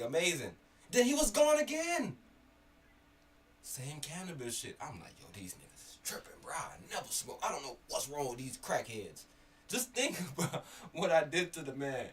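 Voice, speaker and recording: A man from Miami telling stories in casual chat, animated and swearing, getting loud when worked up. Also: medium pitch. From Miami area. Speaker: podcast co-host. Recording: slightly distant mic, faint background noise.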